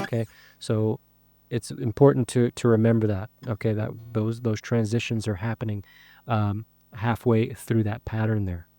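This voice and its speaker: A man teaching a guitar song in a relaxed, casual way, counting beats aloud with frequent fillers. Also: medium pitch, no echo. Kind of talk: casual spoken lesson.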